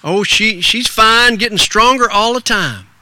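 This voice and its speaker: A man's voice: sits high, measured pace, sharp tone, voice pushed up, full character voice. A man voicing a small, ragged, hungry boy who speaks politely in a folksy rural way. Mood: bashful, polite. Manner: folksy rural talk, earnest and bashful.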